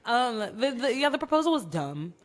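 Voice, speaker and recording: A woman's voice: on the high side, big pitch swings, moderate pace. A young woman co-hosting a podcast, chatting frankly and giving her opinions. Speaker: podcast co-host. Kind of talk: casual chat.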